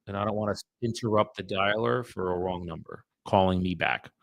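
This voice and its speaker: A low-voiced man talks straight into a close microphone in a dry room, his voice rough with fry. He chats casually and bluntly with his stream audience, dropping the occasional curse. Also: a little fast, no room sound. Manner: blunt, profane, chatty, addresses viewers as guys. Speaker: real estate agent streaming live calls. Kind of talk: casual live-stream chat.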